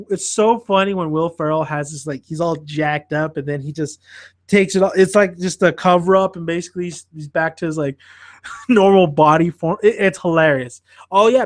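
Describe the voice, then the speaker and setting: Rambling, cursing man with a higher voice. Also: normal speed, dry recording, clean studio sound. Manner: rambling, profane, excitable. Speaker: podcast host reviewing films. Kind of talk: casual chat.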